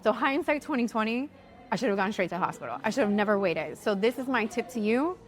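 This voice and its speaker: A woman in her thirties tells a travel mishap story straight to camera in a relaxed, chatty way. She is animated and lively, and she acts out what other people said along the way. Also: on the high side, fast talker, soft background music. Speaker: travel vlogger.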